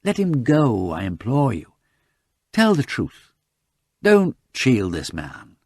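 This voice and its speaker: A man's voice: mid-range voice, wildly swooping pitch, slow pace, breathy edge, no room sound, voice pushed up, full character voice. A man playing an earnest, imploring detective. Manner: gently reproving, then urgent and imploring. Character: earnest, gentle male police detective.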